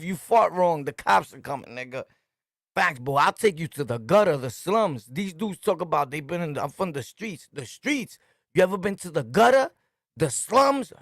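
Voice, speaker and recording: A middle-aged man with a New York accent tells street stories in loose, emphatic slang and laughs often. His voice is gravelly and sits a little high for a man. The sound is close and dry. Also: a bit bright, dry recording. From Brooklyn, New York. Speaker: podcast host. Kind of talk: casual storytelling monologue.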